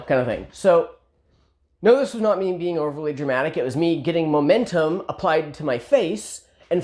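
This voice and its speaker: A man telling a personal story in a casual, animated, self-deprecating way. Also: on the high side.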